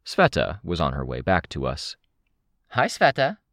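A man reading first-person fiction aloud as an audiobook narrator, measured and expressive. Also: extremely low pitch, creaky, dry recording, clean studio sound.

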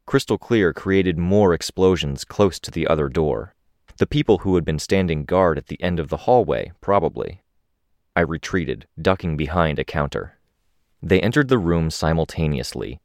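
Man, first-person audiobook narration, very low voice, dry recording, steady and descriptive. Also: no echo.

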